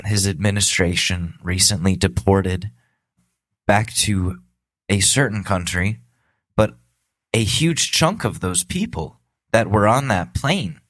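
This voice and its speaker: A man's voice: on the low side, fairly bright tone, no echo. A man hosting a podcast, ranting sarcastically with lots of swearing in a comedic political monologue. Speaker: podcast host.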